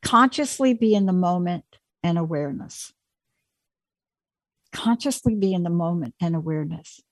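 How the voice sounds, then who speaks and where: A woman's voice: on the low side, animated, normal speed, no room sound. Woman chatting, emphatic storyteller, dry close sound. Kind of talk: casual conversation.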